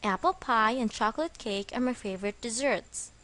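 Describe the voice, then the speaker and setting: A woman's voice: fairly high pitch, animated, moderate pace, fairly bright tone. A woman reading a scripted English vocabulary lesson as the teacher, speaking carefully and stressing syllables.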